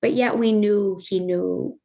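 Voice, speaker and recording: A middle-aged woman, a bereaved mother, telling her story earnestly and haltingly as a podcast guest. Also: medium pitch, steady tone, gravelly, muffled recording. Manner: earnest, halting, circling back on her words. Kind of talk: emotional personal storytelling.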